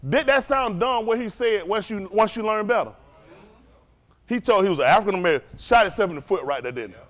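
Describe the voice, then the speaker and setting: Fiery, high-voiced man preaching. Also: expressive, quick pace, fairly bright tone. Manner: profane, provocative, rhetorical questions to the room. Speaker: teacher of a religious study group.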